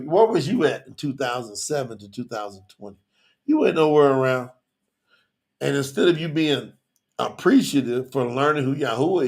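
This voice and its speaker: Gravelly man preaching with emotion. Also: mid-range voice. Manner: casual and preachy, reads verses slowly with feeling. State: choked up. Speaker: scripture teacher. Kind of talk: emotional scripture teaching.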